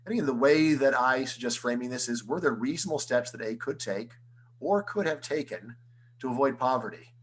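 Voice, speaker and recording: A man, an economics professor, giving an online lecture in a conversational style, full of rhetorical questions and quick restarts. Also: medium pitch, lively intonation, breathy edge, rough recording. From United States.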